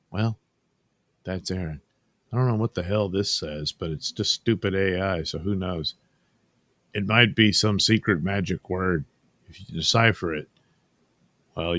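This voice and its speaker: A man's voice: deep voice, no room sound. A man casually narrating his drawing process with rambling, wry, sardonic asides. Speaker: cartoonist and channel host.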